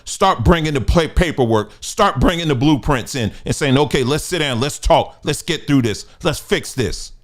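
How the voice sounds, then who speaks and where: A man giving a ranting commentary monologue, firing off rhetorical questions and stumbling over repeated words as he pushes his point. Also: fairly high pitch. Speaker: online commentator.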